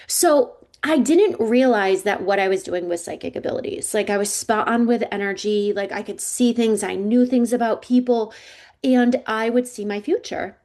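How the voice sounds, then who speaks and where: A woman's voice: fairly high pitch, normal speed. Chatty woman in her forties. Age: 40s. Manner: casual, chatty, quotes others in lively voices. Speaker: psychic coach, guest. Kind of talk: personal storytelling in an interview.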